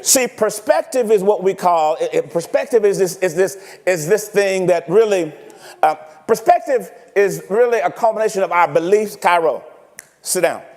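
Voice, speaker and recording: High-voiced preacher in an echoing church. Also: male voice, normal speed. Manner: animated, teasing preaching with rhetorical questions. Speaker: pastor. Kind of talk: sermon. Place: church sanctuary.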